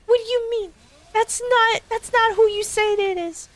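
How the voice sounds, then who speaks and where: A woman voicing a jealous, controlling young girlfriend in a shrill, whiny tone. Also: fairly even intonation, unhurried. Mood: suspicious. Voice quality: shrill, high whine.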